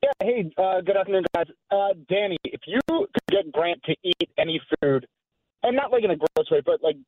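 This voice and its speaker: A man calling into a radio show, asking a question in an energetic, chatty way. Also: high voice, brisk, dry recording. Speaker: caller. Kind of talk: call-in question. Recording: tinny phone line.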